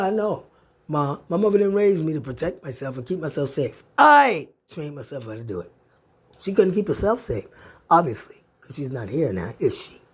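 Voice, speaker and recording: A woman with a husky, breathy voice rants straight at the camera, swinging her pitch up and down as she taunts and curses someone. Her delivery is confrontational and profane. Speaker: vlogger. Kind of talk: angry direct-to-camera rant.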